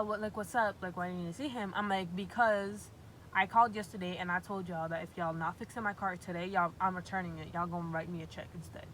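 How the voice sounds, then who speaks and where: A young woman from Massachusetts tells a storytime vlog in a bright, forceful voice. She is animated, profane and exasperated, with a faint rumble behind her. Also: rough recording. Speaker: vlogger.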